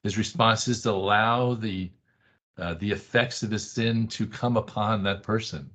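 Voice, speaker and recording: Husky-voiced man teaching a Bible class. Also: fairly low pitch, moderate pace, a bit bright. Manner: conversational, keeps asking the class "right?"; emphatic repetition of short phrases. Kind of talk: Bible study lesson. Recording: dull lo-fi classroom recording.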